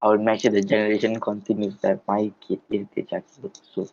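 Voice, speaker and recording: A man's voice: lowish voice, monotone, a little fast, vocal fry, a little mellow, muffled recording. A man co-hosting a podcast in casual chat, speaking hesitantly with many fillers. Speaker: podcast co-host.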